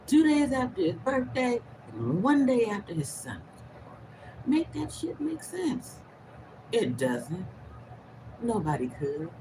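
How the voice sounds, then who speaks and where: Emphatic woman vlogging over background noise. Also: mid-range voice. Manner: emphatic and profane, swings between loud outbursts and hushed, half-whispered lines. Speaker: vlogger, host of her own channel. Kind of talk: casual to-camera monologue.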